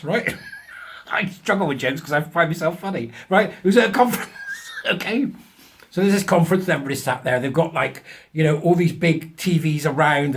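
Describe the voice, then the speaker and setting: A man hosting a commentary show, ranting crudely and then telling a joke he laughs at himself. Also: fairly high pitch. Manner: crude, ranting, laughs at his own jokes. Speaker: host.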